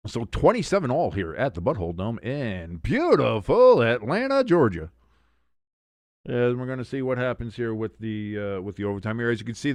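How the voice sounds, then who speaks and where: A man's voice: fairly low pitch, no room sound. A man hosting a casual live sports watch-along, chatty, with sarcastic, mocking asides.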